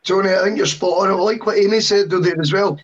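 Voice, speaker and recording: A man on a football podcast, giving long, animated opinions with self-mocking asides. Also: high-pitched, fast talker. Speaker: podcast panelist. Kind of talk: casual football podcast chat. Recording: dull lo-fi sound.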